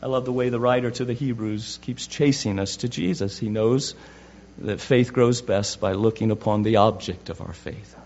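A man preaching a sermon fervently, swinging from loud declarations to hushed words, on a dull recording with hum. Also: medium pitch, normal speed.

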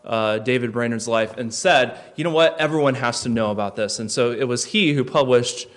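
A man preaching a sermon, earnest, rising to loud emphasis and dropping to quiet, reflective lines. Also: mid-range voice, moderate pace.

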